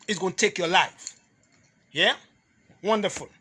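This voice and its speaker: A man's voice: high-pitched, a little slow, bright, forceful tone, a little hiss or hum. A man giving a health lecture to a live audience as a holistic health speaker, emphatic and repetitive, listing rules point by point and laughing between them.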